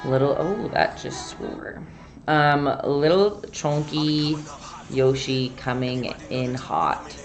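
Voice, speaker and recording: Low-voiced, slow-talking woman teaching painting. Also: expressive, music in the background. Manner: chatty, reads viewer comments aloud and breaks off mid-sentence. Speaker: painting instructor and livestream host. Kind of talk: casual step-by-step painting tutorial.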